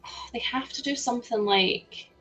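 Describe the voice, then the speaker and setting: A young woman hosting a live stream, chatting excitedly and laughing as she builds a toy set. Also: fairly high pitch, normal speed, dull audio, soft background music. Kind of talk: casual chat while building a toy set.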